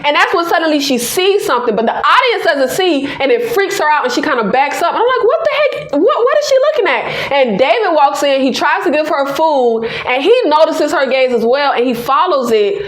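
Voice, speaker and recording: A woman recapping a TV episode in an excited, casual way, exclaiming and laughing as she addresses viewers directly. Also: high voice, brisk, few pauses, roomy sound. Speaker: TV episode reviewer.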